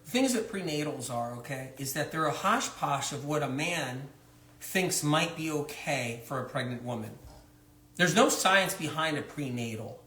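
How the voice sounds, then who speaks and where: Give me a high-voiced man hosting a live stream, rambling and conspiratorial, in an echoey room. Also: expressive, moderate pace, pushed and bright. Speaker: host. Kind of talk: live social media talk. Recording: roomy echo.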